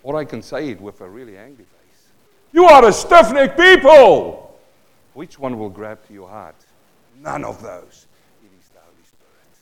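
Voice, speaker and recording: A male pastor with a South African accent delivers a sermon. His delivery moves between near-whispered asides and loud, emphatic lines. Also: mid-range voice. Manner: dynamic preaching, swinging between hushed and loud.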